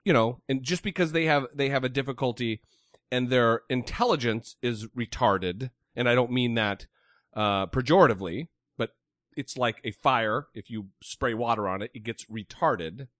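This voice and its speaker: A man's voice: mid-range voice, normal speed, a bit bright, dry recording, clean studio sound. A man co-hosting a casual podcast, blunt and opinionated, swearing freely and firing off heated rhetorical questions. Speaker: podcast co-host.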